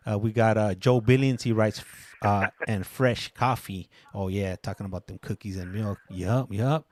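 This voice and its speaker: A man's voice: fairly low pitch, moderate pace, a little mellow, a little hiss or hum. A man hosting a casual live stream, reading viewer comments aloud in a laid-back way, with many fillers and laughs. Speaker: podcast host reading live chat.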